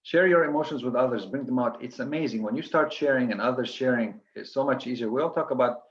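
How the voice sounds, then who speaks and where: A man's voice: mid-range voice, fast talker, dull audio. A man giving an earnest coaching lecture to physicians, listing steps with frequent restarts.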